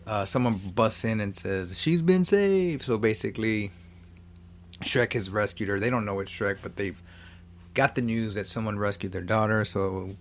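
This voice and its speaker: A man's voice: on the low side, fairly even intonation, moderate pace, fairly bright tone. A man retelling a cartoon film's plot in a loose, profane, casual way, often restarting his sentences. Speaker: movie recapper. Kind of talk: casual movie recap.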